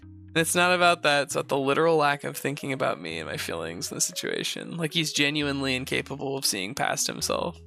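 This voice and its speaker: A man's voice: mid-range voice, very animated, a little fast, vocal fry, sharp tone, faint music behind. A young man hosting a show, reading a post aloud in first person and breaking off for blunt, sarcastic asides. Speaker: host reviewing reddit posts.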